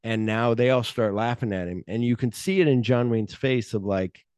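A podcast co-host in casual movie-discussion chat retells film scenes in a loose, rambling way, swearing plenty. His mid-range voice is darkish, clear and resonant at normal speed, recorded in a clean studio with no room sound.

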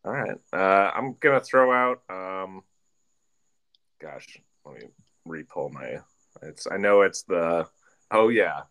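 Very deep-voiced rambling sports podcast guy. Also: fairly bright tone. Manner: rambling, self-correcting, jokey. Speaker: podcast co-host. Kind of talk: casual sports chat.

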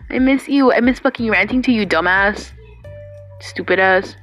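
A woman's voice: mid-range voice, normal speed, fairly bright tone. Young woman venting to her partner on camera, swears a lot, drops in spanish words, faint music in the back. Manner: profane, rambling, mixes in Spanish words. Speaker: vlogger addressing her partner. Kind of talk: personal video message.

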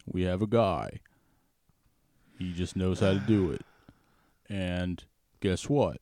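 A smug, leering god-king emperor, played by a man purrs his offers in a very deep voice. The delivery is slow and suggestive, in the style of an improvised comedy bit. The recording is close and dry. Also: warm tone, no room sound. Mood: seductive. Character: lewd, seductive male god-king emperor.

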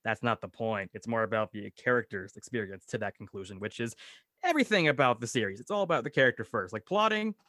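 A man reviewing a series in casual chat, whose voice jumps up when he gets excited. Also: quick pace, no room sound, studio quality. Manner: animated, jumping pitch when excited.

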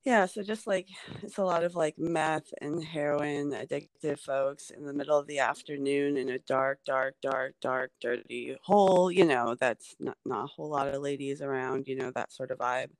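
A woman's voice: a bass voice, moderate pace, no echo. A woman comedian talking in a casual podcast chat, rambling with many fillers like "like" and "um". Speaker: stand-up comedian, guest.

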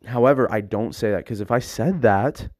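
A man's voice: lowish voice, normal speed, darkish tone, no room sound, studio quality. A man talking casually and emphatically, rambling and repeating words as he explains his views. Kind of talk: casual monologue on psychology.

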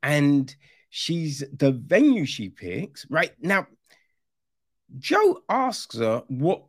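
A man's voice: a little high, wildly swooping pitch, extremely slow, dry recording, clean studio sound. A man giving a casual, rambling spoken review, sarcastic and incredulous, swearing freely and checking in with "right?" as he goes. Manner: rambling with restarts and frequent "right?". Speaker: film reviewer.

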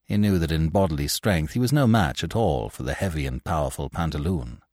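Deep-voiced man narrating a classic novel. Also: expressive, fairly quick, darkish tone, no echo, studio quality.

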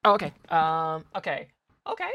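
A man's voice: fairly high pitch, huge pitch swings, normal speed, vocal fry, sharp tone, slight background noise. A man playing in a casual tabletop role-playing game, talking in an easygoing way. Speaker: player.

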